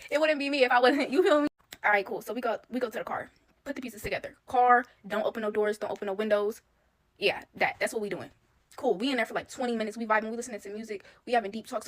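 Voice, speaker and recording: Young woman, rapid-fire slangy storyteller, slightly high voice. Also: fairly bright tone. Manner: slangy, rapid, chatty asides. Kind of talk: casual storytime.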